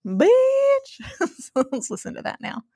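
A woman's voice: mid-range voice, a little slow, vocal fry, no echo, studio quality. Laughing, foul-mouthed woman podcast host. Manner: laughs often, swears freely. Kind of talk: casual podcast chat.

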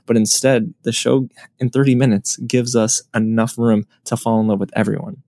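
A man's voice: mid-range voice, steady tone, normal speed, dark tone, no room sound, studio quality. A man speaking as a podcast guest in casual chat, fluent and organized in his points.

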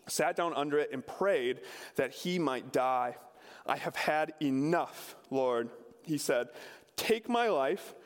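A pastor giving a sermon, retelling a scripture story in a conversational way with touches of humor. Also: male voice, a little high, long reverb tail.

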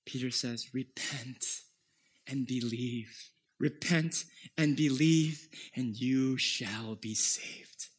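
A man preaching a sermon as pastor, emphatic and at times dropping to a hushed whisper. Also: mid-range voice, extremely slow, slightly rough.

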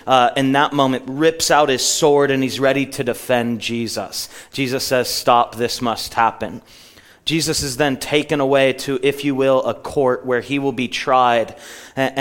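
A middle-aged man preaching a sermon in a church, retelling a story with quotes and slowing down for emphasis. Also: mid-range voice, fairly bright tone, clean tone. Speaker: pastor.

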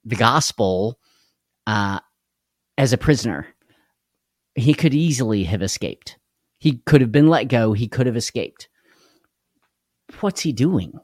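A tired, worn-out man leads a live devotional in a relaxed, folksy way. He chats with his viewers and greets them by name. His voice is close and dry, with no room sound behind it. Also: medium pitch, no room sound. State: tired and unwell. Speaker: devotional livestream host. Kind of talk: casual livestream devotional.

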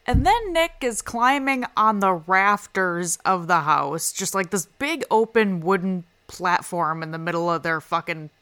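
Bright-voiced woman doing a crude comedy recap. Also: lowish voice, animated, a little slow, few pauses, clean tone. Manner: casual, crude, joking. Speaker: show recap host.

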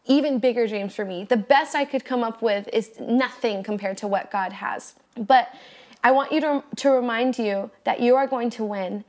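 A woman's voice: on the high side, normal speed. A young woman hosting a devotional podcast, preaching in an earnest, encouraging way and speaking straight to her listeners. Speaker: podcast host.

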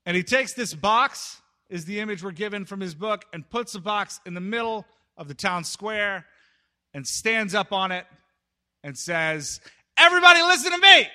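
A man preaching a sermon, retelling a story with dramatic swings between loud outbursts and hushed pauses. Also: high voice.

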